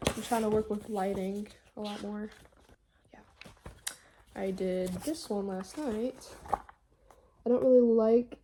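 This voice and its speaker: A young woman rambles anxiously at home in a casual vlog. Her voice is mellow and fairly flat in pitch, and she talks at an ordinary woman's pitch. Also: takes it slowly, long pauses, slight background noise. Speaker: vlogger.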